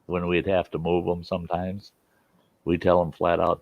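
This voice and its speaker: Gravelly-voiced man telling a campfire story. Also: normal speed, darkish tone, no room sound. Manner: chuckles often while telling stories; acts out the voices of others with a raised pitch. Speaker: storytelling host. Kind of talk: casual storytelling. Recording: dull lo-fi sound.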